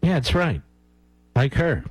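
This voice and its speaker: A man's voice: fairly high pitch, sing-song, takes it slowly, slightly rough, no echo, rough recording. A man hosting a talk radio show, delivering emphatic, repetitive commentary straight to his listeners. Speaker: radio host.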